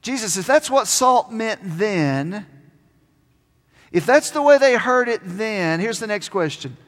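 A man preaching a sermon as pastor, stressing key words by slowing down and pausing. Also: high voice, animated, a bit bright, in a large hall. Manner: emphatic, slows down on key words.

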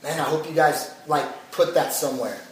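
A man's voice: on the high side, fairly quick, slight background noise. A young man preaching a sermon in a casual, chatty way, full of fillers, as a pastor. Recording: echoey hall from far off.

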